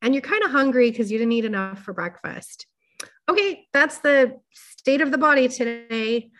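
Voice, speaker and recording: A woman's voice: sits high, normal speed, fairly bright tone. A woman presenting a workshop, explaining things in an informal, careful way with frequent fillers.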